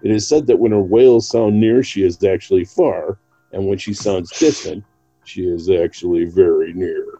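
A man's voice: low voice, normal speed, dark tone, husky, no room sound, dull audio, faint music behind. A man co-hosting a podcast, narrating a folk legend in a casual way with occasional laughs. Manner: reads a legend aloud with light laughs. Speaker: podcast co-host.

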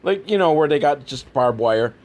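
A man's voice: a little high, expressive, moderate pace, darkish tone. A man giving casual, rambling, self-deprecating commentary on a movie he is watching. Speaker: movie review host.

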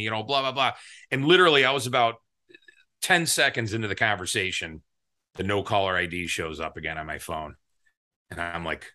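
A man who is a guest and business owner, telling a story in an excited, rambling way and acting out what people said. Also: lowish voice, fairly quick. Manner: excited, rambling, acts out quotes. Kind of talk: storytelling in an interview.

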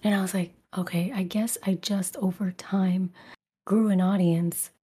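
A woman from Brooklyn with a softened New York accent, a guest talking in a whispered role-play style on an ASMR podcast. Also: mid-range voice, steady tone, measured pace, slightly rough. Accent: neutralized New York. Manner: soft whispered chat with frequent laughs.

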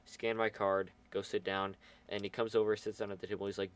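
A teenage boy talks through a story in a loose, rambling way, circling back with lots of fillers. His voice sits a little low for his age group. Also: level tone, fast, clear, resonant tone. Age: teens. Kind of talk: casual chat.

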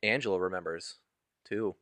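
A man's voice: sits low, normal speed, bright, forceful tone, no echo. A man chatting casually on a podcast, recapping a horror movie with jokes and rambling asides. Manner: joking, rambling with fillers. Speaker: podcast co-host.

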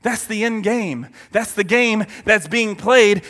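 A man's voice: high-pitched, slow, hardly any pauses, fairly bright tone, long reverb tail. A man preaching a sermon to his congregation, emphatic and full of rhetorical questions.

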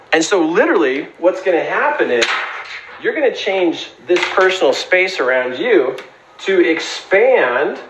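A man's voice: fairly high pitch, a bit bright, a little hiss or hum, low-quality recording. A middle-aged man giving an earnest, emphatic motivational talk, sometimes acting out the voices in his stories. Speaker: speaker giving advice on bullying.

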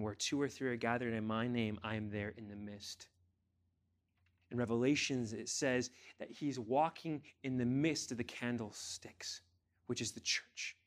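A man preaching a sermon as pastor, asking the congregation rhetorical questions and building to forceful emphatic peaks. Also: medium pitch. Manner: emphatic, rising to forceful climaxes.

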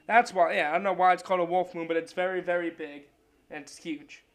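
A man's voice: sits high, steady tone, brisk, fairly bright tone. A man hosting his own sports podcast solo, talking in a loose, chatty way with restarts.

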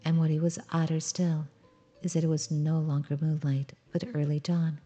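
A woman reading a bedtime story in a soft, gentle way, talking to the listener as "sweet one.". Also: low-pitched, level tone, normal speed, soft background music.

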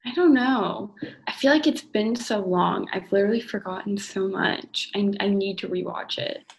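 A young woman guesting on a casual podcast, agreeable and quick to laugh, peppering her talk with "like" and "literally". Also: medium pitch, slight background noise. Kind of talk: casual chat.

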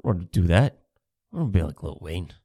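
A man's voice: low-pitched, very animated, fast talker, mellow, husky, no room sound, studio quality. A man in his thirties doing a rambling, profane, self-mocking stand-up comedy set. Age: 30s.

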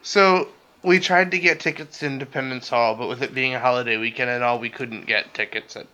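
A man's voice: mid-range voice, a little fast, sharp tone. A young man co-hosting a casual vlog, chatting in a dry, teasing way. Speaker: vlog co-host. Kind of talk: casual chat.

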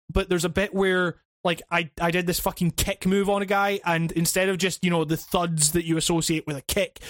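High-voiced man, rambling and profane. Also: no room sound, clean studio sound. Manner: rambling, profane, many restarts and fillers. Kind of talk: casual chat.

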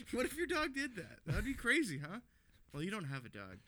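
Lively young man swearing in casual chat. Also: high-pitched, normal speed, no echo. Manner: swearing, laughing, rambling. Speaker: podcast co-host.

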